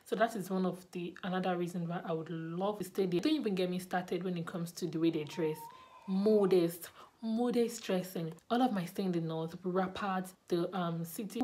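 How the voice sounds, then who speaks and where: A woman's voice: lowish voice, a little mellow. A young Nigerian woman with a Nigerian accent, chatting to camera in a casual vlog and repeating words for emphasis. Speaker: vlogger.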